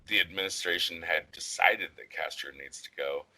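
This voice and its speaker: A man talks through a podcast discussion in a loose, rambling way, peppering his sentences with fillers and casual swearing. His voice sits on the low side yet sounds bright and forward. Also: normal speed, poor audio. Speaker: podcast co-host.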